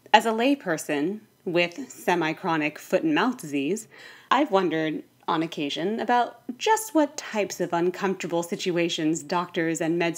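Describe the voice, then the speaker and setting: Low-voiced woman narrating with wry humor. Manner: wry, playful delivery. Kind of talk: scripted narration.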